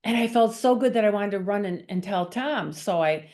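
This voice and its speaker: A woman's voice: mid-range voice, expressive, normal speed, a little mellow. A woman telling her personal faith testimony as a guest author, earnest and emotional in her storytelling.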